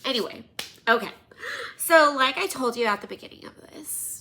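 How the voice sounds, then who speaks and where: Woman, 30s, podcast host, casual storytelling, animated, gravelly, bright. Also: high voice, moderate pace, slight background noise. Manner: animated, drops to near-whispers and laughs often.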